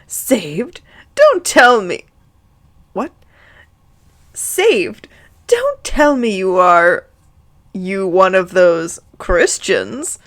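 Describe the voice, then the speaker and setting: A woman's voice: mid-range voice, sing-song, drawn-out words, long pauses. A woman voicing a snobbish, sneering middle-aged aunt in a fanfic reading. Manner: sneering, screechy, sickly sweet.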